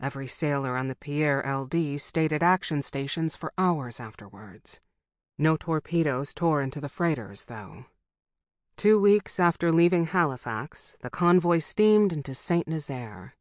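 A narrator reads a novel aloud in a steady, measured way at a middle pitch. The recording is close and dry, with no room sound. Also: no echo. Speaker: audiobook narrator.

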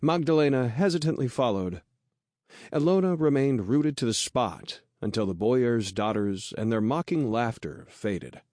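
A male audiobook narrator reading in a steady, measured way. His pitch is ordinary for a man, and the recording is dry and close with no room sound. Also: dry recording.

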